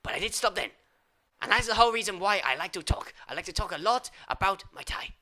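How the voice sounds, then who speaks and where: A man doing an improvised comic monologue. He rambles absurdly in mock-foreign phrasing and swings from loud outbursts to whispers. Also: high voice, big pitch swings, quick pace. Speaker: improv comedian.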